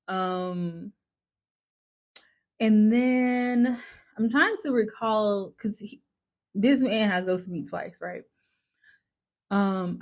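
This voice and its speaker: A woman vlogger telling a personal story in a casual, candid way, chatty and expressive, with lots of filler words and some swearing. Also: mid-range voice.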